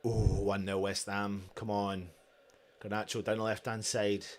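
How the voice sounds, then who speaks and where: A man's voice: lowish voice, level tone, measured pace. A man hosting a live fan watchalong of a football match, commentating on the play as it happens and cheering his team. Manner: shouting, chanting, celebrating goals.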